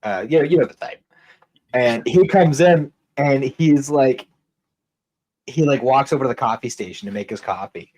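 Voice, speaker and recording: A man's voice: mid-range voice, moderate pace, darkish tone, low-quality recording. Rambling, profane young man telling stories. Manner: rambling, profane, laughing often. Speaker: podcast co-host. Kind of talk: casual chat, storytelling.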